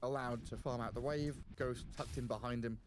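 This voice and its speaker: A male caster calling the action blow by blow through an esports match. His voice is mid-pitched, and a faint ambient hiss sits behind it. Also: fairly even intonation. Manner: rapid play-by-play calling. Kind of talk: play-by-play commentary.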